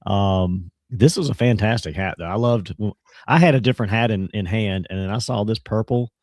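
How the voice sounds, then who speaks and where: A man with a low, hoarse voice that is mostly gone, talking casually and chattily as a sports show co-host. The sound is dry and close, with no room around it. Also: moderate pace, a little mellow, no room sound. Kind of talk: casual chat.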